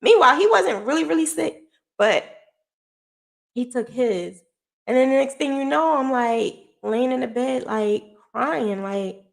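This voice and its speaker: A woman's voice: sits high, expressive, a little slow, vocal fry. A middle-aged woman hosting a podcast, telling her own story in a candid, emotional way and swearing freely. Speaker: podcast host. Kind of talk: personal storytelling.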